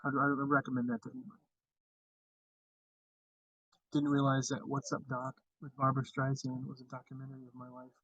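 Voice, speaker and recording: A man's voice: mid-range voice, monotone, fast talker, fairly bright tone, breathy edge, no echo. A man hosting a casual livestream chat, rambling with frequent restarts. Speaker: livestream host. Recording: dull lo-fi stream audio.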